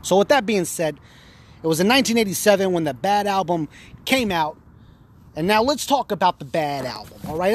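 A man ranting on a podcast in a brash, heated and profane way, full of streetwise slang. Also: high-pitched. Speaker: guest taking over a podcast. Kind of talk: casual profane rant.

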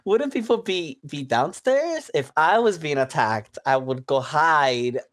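A player in a tabletop role-playing game who chats quickly and giggles often. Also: medium pitch, expressive, fairly bright tone. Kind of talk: casual tabletop game chat.

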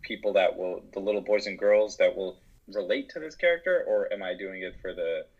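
A man's voice: low voice, fairly quick. A man with an American accent, talking as a podcast guest about acting and writing in a casual, earnest, reflective way. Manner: earnest, reflective, with frequent restarts. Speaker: podcast guest, actor and writer. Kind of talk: casual conversation. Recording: dull, lo-fi.

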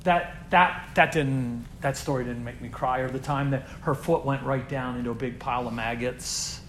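A man who leads a youth group, telling stories in an inspirational sermon, earnest and repeating words as he builds, dropping to a hush and then rising loud. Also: mid-range voice, steady tone, moderate pace, slight background noise. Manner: earnest, swings from hushed to loud emphasis.

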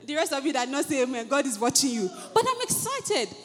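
A woman pastor preaching a sermon fervently, building to shouted repeated phrases. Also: high voice, rapid-fire, big-room sound. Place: church hall.

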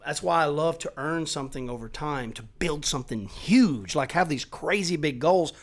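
Profane, animated middle-aged man. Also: a little high, normal speed. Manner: animated and profane, swears often, voice rising as he gets worked up. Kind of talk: casual chat.

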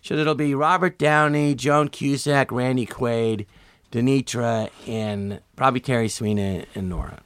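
A man's voice: medium pitch, moderate pace, smooth, no room sound. A man, a comedian guest, telling stories in an interview and acting out what people said to him. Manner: animated, acts out quoted dialogue with many "I go"s. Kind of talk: storytelling in a podcast interview.

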